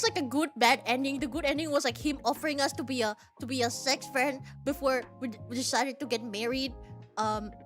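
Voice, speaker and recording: High-pitched, gushing young woman streamer. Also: fairly bright tone. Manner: gushing, breathless, swears a lot, repeats herself, bursts of laughter and shrieks. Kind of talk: excited casual chat to viewers.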